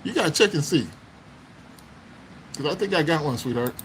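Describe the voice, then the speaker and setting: A man's voice: fairly high pitch, animated, moderate pace, a bit bright, a little hiss or hum, rough recording. A man hosting a casual livestream, chatting with viewers, laughing often and exclaiming as he talks. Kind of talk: casual live chat. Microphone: phone.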